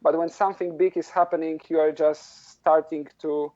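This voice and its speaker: A man with a Polish accent, a drift driver guest on a podcast, speaking haltingly with frequent restarts. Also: fairly high pitch, little pitch movement, mellow, dull audio. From Poland. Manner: halting, with many restarts and fillers. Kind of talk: casual podcast interview.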